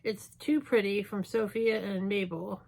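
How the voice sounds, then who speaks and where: A woman's voice: medium pitch, fairly even intonation, measured pace, vocal fry, darkish tone. A woman in her fifties chatting casually through a makeup tutorial, joking at her own expense as she works. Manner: chatty, self-mocking, thinking aloud while applying makeup. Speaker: beauty vlogger.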